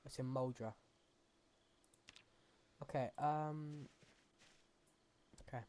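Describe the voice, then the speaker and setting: A man's voice: medium pitch, fairly even intonation, drawn-out words, darkish tone. Man chatting casually through gameplay. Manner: rambling self-talk with fillers and restarts. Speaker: gaming channel host.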